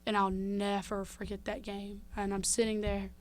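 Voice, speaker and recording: A woman's voice: medium pitch, monotone, moderate pace. A young woman from Mississippi, a podcast guest telling a personal story candidly with lots of fillers. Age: young adult. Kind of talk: casual interview.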